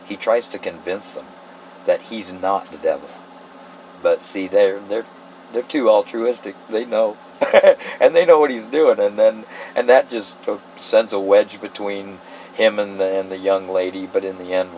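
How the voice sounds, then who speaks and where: An earnest man from Eastern Washington talks through his story idea in a loose, rambling way, his low voice full of feeling. He laughs between thoughts and sometimes sounds moved. A faint background hum sits under his voice. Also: steady tone, a little slow, a little mellow, low-quality recording. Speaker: amateur story pitcher. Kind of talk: casual spoken story pitch.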